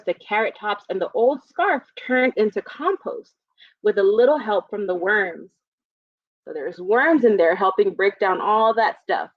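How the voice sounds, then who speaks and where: A woman librarian leading a live storytime for young children, reading aloud and explaining in a gentle, encouraging way. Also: medium pitch, dry recording, dull audio.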